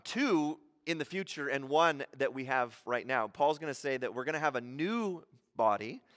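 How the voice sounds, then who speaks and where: A man's voice: a little high, a bit bright, smooth, in a large hall. A man preaching a sermon in a church in a conversational, playful way, full of rhetorical questions. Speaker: pastor. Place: church hall.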